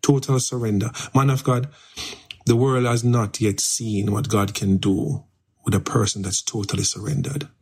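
Pastor guy preaching on the radio, low voice, pretty monotone, earnest. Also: moderate pace, husky. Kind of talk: exhortation as radio guest.

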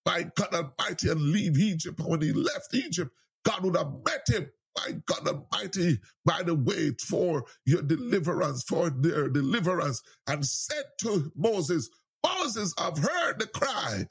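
A male preacher delivers a sermon in a fervent, repetitive style, breaking in again and again with cries of praise. His voice sits a little high and sounds husky. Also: lively intonation, a little slow. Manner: fervent, repetitive exhortation with frequent interjections.

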